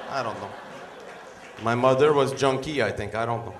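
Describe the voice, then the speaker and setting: A man with a Quebec French accent doing a stand-up routine in broken English, with a slow deadpan delivery. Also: mid-range voice, background noise. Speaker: stand-up comedian. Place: comedy stage. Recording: echoey hall.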